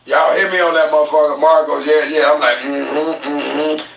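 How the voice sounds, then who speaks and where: A man's voice: on the high side, fairly even intonation, quick pace, recorded from a distance. Man ranting profanely on a live stream. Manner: profane, mocking, laughing at his own insults. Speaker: live-stream podcast host. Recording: roomy, off-mic, faint noise.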